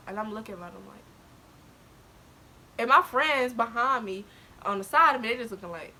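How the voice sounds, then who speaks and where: Speaking at a normal pace with long pauses, a young adult woman with a fairly high voice tells her viewers a personal story in a casual vlog, over slight background noise. She laughs often and is animated, but edges close to tears.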